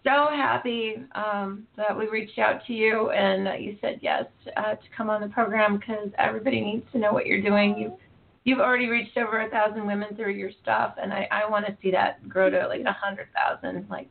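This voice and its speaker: A woman's voice: medium pitch, steady tone, moderate pace, vocal fry. A woman hosting a podcast interview, talking in an emotional, effusive way with lots of fillers. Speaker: podcast host. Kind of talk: casual interview chat. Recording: tinny phone-like line.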